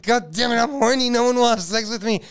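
A man's voice: very high-pitched, fast, clean tone, pitched above the performer's own voice. A man voicing a hapless fat teenage boy who whines and complains. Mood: whiny.

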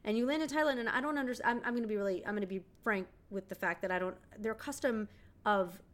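A woman's voice: mid-range voice, fast talker. A woman co-hosting a podcast, recapping a movie in casual chat with a dry, teasing manner. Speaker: podcast co-host.

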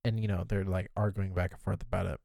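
A man's voice: deep voice, little pitch movement, fast, creaky, mellow, dry recording. A man co-hosting a podcast and recapping an episode in a chatty, casual way, with lots of "like" fillers. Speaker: podcast co-host.

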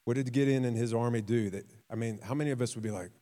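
A man preaching a sermon, telling stories with acted quotes, repeating himself and dropping suddenly to a quiet voice. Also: medium pitch, fast. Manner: repeats and restarts words, conversational.

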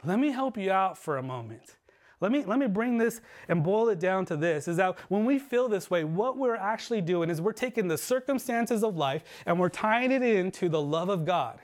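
A man preaching a sermon as a pastor, earnest and building, often dropping his voice low and soft for emphasis. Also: animated, normal speed. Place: church livestream.

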